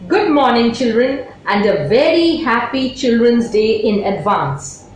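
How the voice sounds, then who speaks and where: A woman teacher with an Indian English accent, telling a children's story slowly and expressively. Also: on the high side, lively intonation. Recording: very echoey room, distant mic, loud noise.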